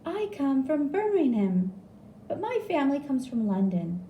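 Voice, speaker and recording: Nurse role: gentle young woman, soft and coaxing, high and lilting, as a woman reader puts her on, echoey room. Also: sing-song, a little slow, phone-quality sound, a little hiss or hum, full character voice. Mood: friendly. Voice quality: quiet, soft voice. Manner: bright, raised pitch, coaxing.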